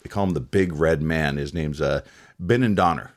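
Deep-voiced joking storyteller man. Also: normal speed. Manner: joking, wry, deadpan asides. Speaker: podcast co-host telling a legend. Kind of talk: casual storytelling chat.

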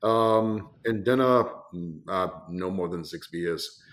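A gruff old German brewer on the witness stand, put on by a man in a broad mock German accent. The voice sits deep and low. He brags about his drinking in a flat, matter-of-fact way. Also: slow pace. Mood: deadpan boastful. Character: old German brewer testifying in court, blunt.

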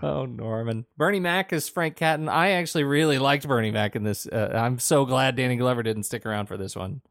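A man's voice: mid-range voice, fairly quick, creaky, a bit bright, no echo, clean studio sound. A man co-hosting a podcast, chatting casually about a film and teasingly prodding his co-host. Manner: playful, teasing, prompts the other host.

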